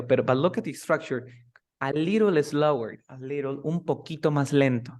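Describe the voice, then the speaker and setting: A man teaching English, who slows down to drill phrases and then speeds up to explain. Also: a little high, a little mellow. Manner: switches between slow drilled phrases and fast explanations. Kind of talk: live online English lesson.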